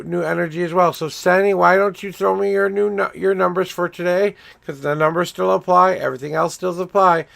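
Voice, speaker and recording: A middle-aged man with a heavily gravelly, fry-laden voice that sits a little high for a man. He talks to his viewers in a loose, rambling way while shuffling and reading tarot cards, and his pitch swings up and down as he goes. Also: fairly bright tone. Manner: chatty, rambling, addresses viewers directly. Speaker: tarot reader. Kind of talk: casual livestream tarot reading.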